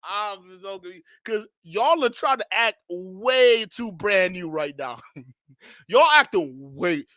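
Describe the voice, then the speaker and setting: A man with a high, bright voice reacts to a clip he's watching, laughing hard and shouting in disbelief between blunt, profane slang. He talks straight to his viewers. The sound is dry and close. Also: lively intonation, takes it slowly, dry recording. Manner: blunt street slang, addresses viewers directly. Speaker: reaction video host. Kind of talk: reaction commentary.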